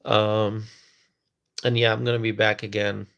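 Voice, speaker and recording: Slow soft-spoken man, gravelly voice. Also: lowish voice, little pitch movement. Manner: talking softly and slowly to rest his voice. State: tired voice. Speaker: live stream host. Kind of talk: casual live stream chat with viewers.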